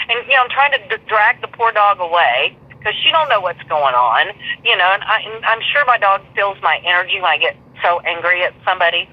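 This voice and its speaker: A woman's voice: mid-range voice, animated, brisk, husky, muffled recording. A woman guest in a live stream interview, telling a long story in a blunt, profane, rambling way.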